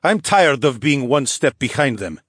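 A man doing a gruff, fierce young noble swordsman. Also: mid-range voice, big pitch swings, moderate pace, fairly bright tone, dry recording, clean studio sound, voice pushed up. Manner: gruff, blunt. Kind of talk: audiobook character voice.

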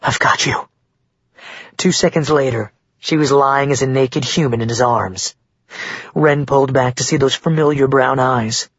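Husky male audiobook narrator, dry booth sound. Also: mid-range voice, moderate pace, dry recording, dull audio. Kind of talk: scripted narration.

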